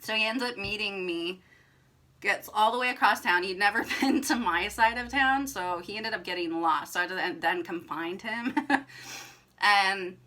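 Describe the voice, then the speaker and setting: Bright-voiced young woman telling a story. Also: medium pitch, normal speed. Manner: chatty, filler-heavy with frequent "like", emphatic. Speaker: vlogger. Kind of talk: casual storytelling to camera.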